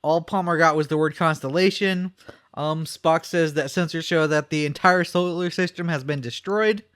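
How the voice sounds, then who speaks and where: A man's voice: a little high, moderate pace, fairly bright tone, smooth. A man co-hosting a podcast in casual chat, giving short replies and laid-back plot recaps. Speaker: podcast co-host.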